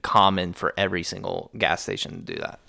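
A man's voice: low-pitched, fairly even intonation, fairly quick, vocal fry, pushed and bright, dry recording, studio quality. A young man in casual chat, joking and mock-grumpy, swearing casually.

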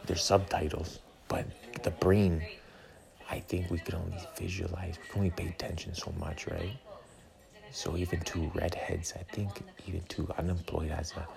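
A man's voice: low voice, little pitch movement, normal speed, creaky. A man hosting a casual podcast, whispering and rambling as he talks through a movie in a theater. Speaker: podcast host. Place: movie theater during a film. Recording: crowded room, movie audio behind. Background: crowd chatter.

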